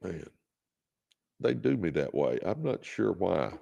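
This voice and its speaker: Man host, gravel in the voice, preachy motivational livestream delivery. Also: low-pitched, very animated, slow, warm tone. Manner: preachy, exhorting, leads call-and-response; reads out viewer comments. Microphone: phone or webcam on a livestream.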